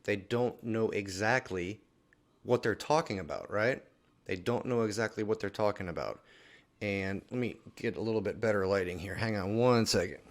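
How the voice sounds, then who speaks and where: Man chatting through scripture, low voice. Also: normal speed. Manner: conversational, often adds a questioning "right?". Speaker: Bible reading plan host. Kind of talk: casual scripture commentary.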